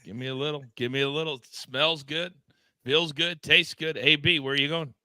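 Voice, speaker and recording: A man runs a live sports betting show with loose, teasing banter. His voice is very bright and forceful, pitched a little high. The sound is dry and close. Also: moderate pace, clear, resonant tone, dry recording. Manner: lively, teasing banter with co-hosts and chat. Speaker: show host.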